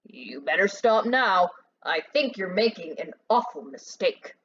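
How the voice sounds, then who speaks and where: A woman voicing a good-humored adult male truck driver who speaks calmly, in a slightly muffled lo-fi recording. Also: lowish voice, measured pace, slightly rough, exaggerated voice. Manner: calm, then roaring with laughter.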